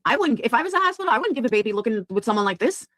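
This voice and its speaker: Woman commentator, blunt and judgmental; pitch jumps around a lot; very dry, close sound. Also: sing-song, rapid-fire, a bit bright, no echo. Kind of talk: casual opinion commentary.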